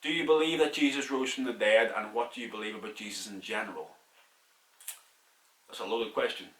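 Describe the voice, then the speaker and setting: A man's voice: fairly low pitch, a little fast, a bit bright, echoey room, distant mic. A young Irish man casually answering viewer questions in a vlog, candid and chatty, laughing at himself.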